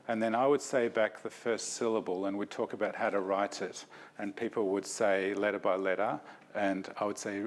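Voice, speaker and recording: A man's voice: on the low side, steady tone, normal speed. A man giving an academic talk, reflective and self-deprecating, in a lecture hall.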